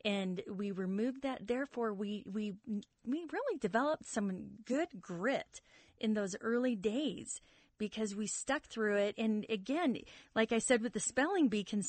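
A woman's voice: a little high, animated, unhurried, darkish tone, no room sound. A woman guest on a radio talk show, speaking emphatically about how determined she and her husband were. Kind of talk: conversational testimony.

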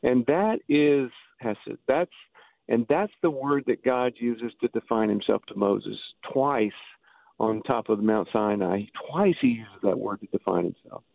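A man, an author and Bible scholar, explaining things as an interview guest, halting, with many restarts and fillers. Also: medium pitch, creaky, dry recording. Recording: dry tinny phone line.

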